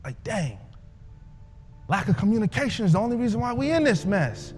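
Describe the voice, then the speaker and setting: A man giving a motivational speech at a live event, telling a story in an animated way and acting out the dialogue. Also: high-pitched, brisk, breathy edge, in a large hall, faint music behind. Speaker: motivational speaker. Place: large hall, live event.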